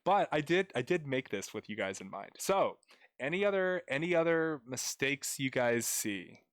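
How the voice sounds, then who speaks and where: A man's voice: mid-range voice, very animated, moderate pace, dry recording. Casting: young man, tutor on live stream, chatty and playful, dry close mic. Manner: chatty, playful, addresses chat viewers directly. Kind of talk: live-streamed grammar lesson.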